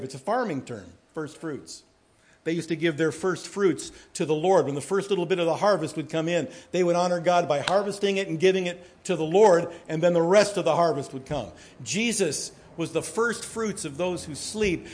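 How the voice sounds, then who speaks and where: Man preaching a dramatic sermon. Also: normal speed. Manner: dramatic storytelling, swinging from hushed to booming; speaks directly to the congregation. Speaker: pastor.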